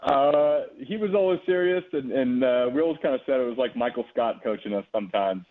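A man in his twenties, a former pitcher, telling stories in a relaxed way with plenty of fillers. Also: fairly quick. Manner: relaxed storytelling, frequent fillers. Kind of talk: casual phone interview. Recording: tinny phone line.

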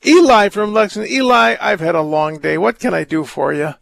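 An older man with a gravelly, slightly high voice hosts a call-in radio show as a priest. He talks casually and rambles, laughing often and tripping over his words. The sound is dry and close. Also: fairly quick, a bit bright, no echo.

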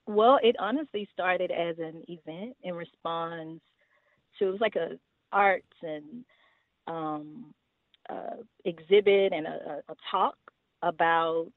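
A woman's voice: on the low side, slow, no echo. Woman organizer on a tinny line. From Houston, Texas. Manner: conversational, fillers and laughs, earnest. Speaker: guest, community organizer. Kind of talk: casual podcast interview.

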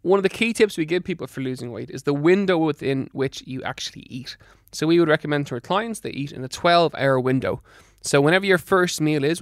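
Middle-aged guy, fitness coach on a podcast, gravelly voice, dry close sound, pushy and practical. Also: on the high side, no echo. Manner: emphatic, repeats words for stress. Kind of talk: advice talk to listeners.

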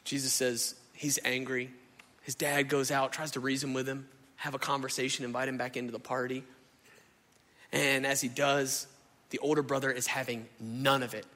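A pastor preaching a sermon into a stage microphone in a church hall, impassioned and conversational, often asking the crowd questions. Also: male voice, mid-range voice, level tone, normal speed, pushed and bright.

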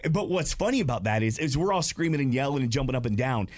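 Expressive, emotional male guest storyteller. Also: medium pitch, fast. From Georgia, USA. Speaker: guest, stadium announcer. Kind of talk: casual chat.

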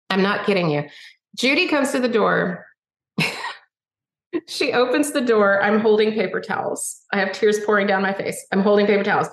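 A woman guest, a singer-songwriter, telling stories in a chatty, animated way and acting out the dialogue. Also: mid-range voice. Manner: chatty, animated storyteller who acts out dialogue. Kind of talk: casual interview storytelling. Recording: roomy echo.

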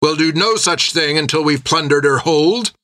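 A man voicing a fierce, rough-spoken pirate first mate who barks orders in coarse dialect. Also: fairly high pitch, normal speed, bright, forceful tone, dry recording, studio quality, voice pushed up. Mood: furious.

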